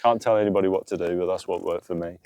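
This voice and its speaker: A man's voice: deep voice, fairly even intonation, racing, warm tone. A man co-hosting a casual podcast outdoors by a campfire, talking earnestly about emotional healing, swearing freely and often adding "you know". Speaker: podcast co-host. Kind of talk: casual spiritual chat.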